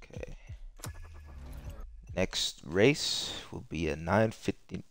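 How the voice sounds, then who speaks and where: Laid-back low-voiced young gaming streamer. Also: male voice, slow pace, creaky, a bit bright, no echo. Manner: rambling, self-mocking, laughs often. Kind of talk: casual gameplay commentary. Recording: game music playing behind.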